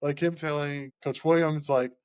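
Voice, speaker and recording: A man's voice: fairly high pitch, steady tone, moderate pace, no echo, studio quality. A man chatting casually on a podcast, rambling and often laughing, with lots of "like" in his speech. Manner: rambling and laughing, heavy use of "like".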